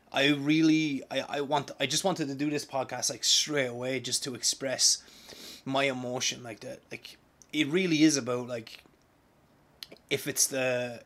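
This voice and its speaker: A young man from Ireland hosting a podcast, talking in an excitable, profane, rambling way with many restarts. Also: mid-range voice. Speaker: podcast host. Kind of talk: casual podcast monologue.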